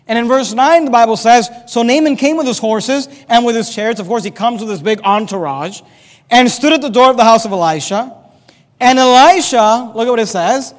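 A man preaching a sermon, reading scripture aloud and acting out quotes with animated delivery. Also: very high-pitched. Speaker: pastor. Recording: long reverb of a large hall.

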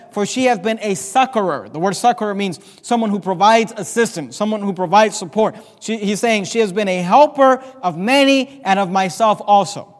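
Male pastor, high voice, sermon delivery with slow emphatic scripture reading; church hall with long reverb. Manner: reads scripture aloud with slow emphatic stress. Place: church sanctuary.

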